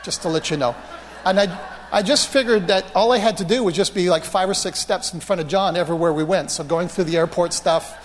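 Man, high-pitched voice, preaching, anecdotal and joking, echoing hall. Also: fairly quick. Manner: anecdotal, animated, self-mocking humor. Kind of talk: storytelling sermon.

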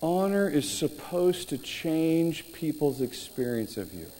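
Man, preacher, lively sing-song delivery, halting restarts, long hall reverb, faint noise. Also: on the high side. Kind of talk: sermon storytelling.

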